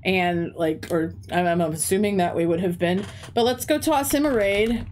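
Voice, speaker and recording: Speaking at a normal speed in a lowish, slightly mellow voice, a young woman chats on her stream over a bit of hiss or hum. She teaches and streams games, and her casual storytelling is peppered with "like" and swearing; her nose sounds stuffy and runny.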